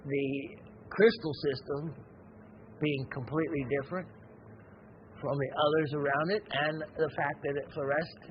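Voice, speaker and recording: A man hosting a gem and mineral show, talking in a slow, rambling, reflective way with many pauses and fillers. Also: fairly high pitch, lo-fi sound, slight background noise. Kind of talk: unscripted educational show talk.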